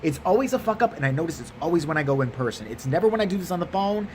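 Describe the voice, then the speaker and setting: A man's voice: a little high, big pitch swings, very fast, darkish tone, soft background music. A tired man with a Chicago accent telling a comic, profane story about a bank mix-up. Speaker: vlogger. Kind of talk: casual storytelling rant.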